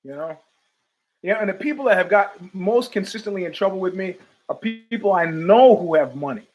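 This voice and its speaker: Male podcast host, high voice, rambling storyteller who acts out quotes. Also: animated, normal speed, a little mellow, poor audio. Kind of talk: rambling casual monologue.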